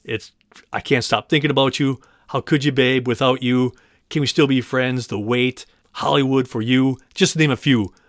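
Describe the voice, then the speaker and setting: A man's voice: medium pitch, fairly even intonation, moderate pace, fairly bright tone, dry recording, studio quality. A man hosting a movie podcast, talking casually to his listeners, rambling a bit and stumbling over place names. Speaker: podcast host. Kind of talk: casual monologue thanking listeners.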